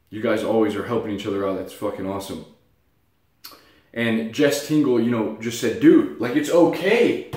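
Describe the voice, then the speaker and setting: A young man giving blunt, profane motivational talk in a casual self-help vlog. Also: mid-range voice. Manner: blunt, profane, animated storytelling. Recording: echoey room.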